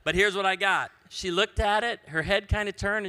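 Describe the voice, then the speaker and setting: Pastor, male, bright and slightly high voice, comic storyteller, big hall reverb. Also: moderate pace, clear, resonant tone. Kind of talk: humorous conference talk.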